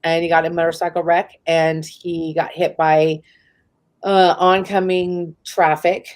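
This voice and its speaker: A woman's voice: fairly low pitch, little pitch movement, unhurried, a little mellow. A woman from the San Francisco Bay Area, a guest in a live interview, tells a personal story in a casual, candid way. She often says "like" and swears freely.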